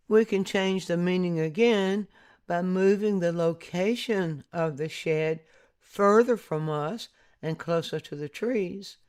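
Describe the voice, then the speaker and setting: An art instructor talks through a lesson in voice-over at an unhurried, deliberate pace. The delivery is patient and explanatory, pitched in a middle register, and it regularly invites the listener to look again. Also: smooth. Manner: patient, explanatory, prompts viewer to look closely.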